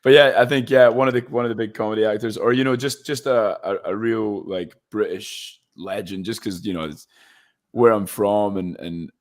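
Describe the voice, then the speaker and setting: A man's voice: on the low side, moderate pace. A Scottish man in his late twenties, a guest actor chatting in an interview and telling stories with frequent laughter. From Scotland. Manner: animated storyteller, laughs often. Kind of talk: casual interview chat.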